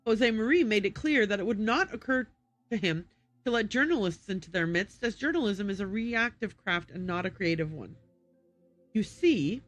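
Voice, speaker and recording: A woman streamer reading in-game documents aloud on a livestream, careful and unhurried, stopping to correct and reread her slips. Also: mid-range voice, fairly bright tone.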